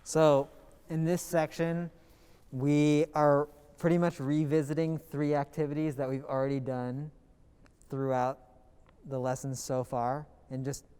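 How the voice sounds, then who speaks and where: A man's voice: medium pitch, mellow, smooth, in a large hall. A man casually explaining improv activities as a workshop instructor. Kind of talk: explaining teaching exercises.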